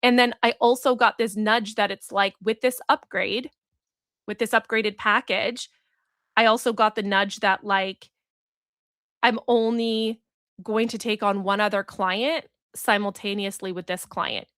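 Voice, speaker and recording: A woman's voice: medium pitch, steady tone, a little slow, a bit bright, dry recording, clean studio sound. A woman hosting a solo podcast, telling a story in an earnest, reflective way and acting out the voices she quotes. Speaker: podcast host and business coach.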